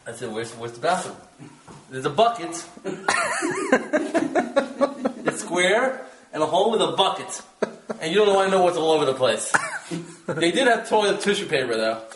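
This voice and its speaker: A man casually telling the story of his trip, animated and laughing, acting out his own exclamations. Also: high-pitched, normal speed, long pauses, echoey room, noisy background. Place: rented room.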